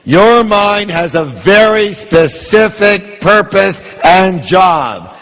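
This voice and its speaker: A man leads a motivational seminar before a large audience, pitched slightly high for a man. He keeps the room engaged with repeated call-and-response questions. His voice carries a long hall reverb. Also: sing-song, takes it slowly, fairly bright tone. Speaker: motivational speaker.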